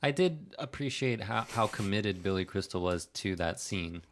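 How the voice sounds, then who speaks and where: Man, podcast co-host, dry, teasing, casual swearing, somewhat low voice. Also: lively intonation, normal speed, a little hiss or hum. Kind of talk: casual movie discussion podcast.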